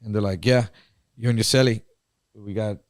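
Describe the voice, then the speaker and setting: A man co-hosting a podcast, telling a story in a casual, profane and animated way. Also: lowish voice, moderate pace, dry recording, clean studio sound. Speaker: podcast co-host.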